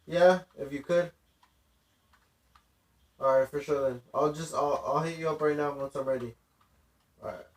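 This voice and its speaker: A man's voice: fairly high pitch, normal speed, pauses often. A young man in casual podcast chat, laid-back and profane.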